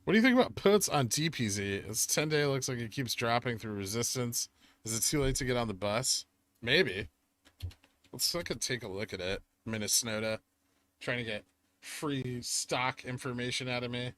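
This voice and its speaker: A man's voice: mid-range voice, animated, moderate pace, fairly bright tone, dry recording. A man streaming live, reading chat aloud and bantering in a sardonic way, swearing often and laughing at himself.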